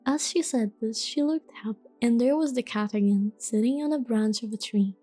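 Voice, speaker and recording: Soft-spoken woman reading a bedtime story. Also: fairly high pitch, normal speed, hardly any pauses, soft background music. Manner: gentle, soft, soothing. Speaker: storybook reader.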